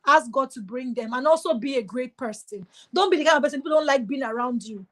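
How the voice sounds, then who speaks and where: Woman, high-pitched, emphatic and exhorting, repeats phrases, motivational webinar talk. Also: lively intonation, fast, a bit bright. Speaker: motivational speaker.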